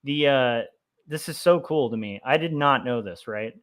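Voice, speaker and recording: A young comic artist chats casually with his stream audience while drawing, his mid-pitched voice moving at a moderate pace. He wanders from thought to thought with lots of fillers, clearly excited about the history he's looking into.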